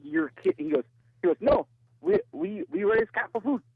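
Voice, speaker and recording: A man's voice: very high-pitched, wildly swooping pitch, normal speed, gravelly, breathy edge, no room sound, narrow, tinny audio. A man calling in to a radio show and telling a story, laughing often as he talks. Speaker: caller.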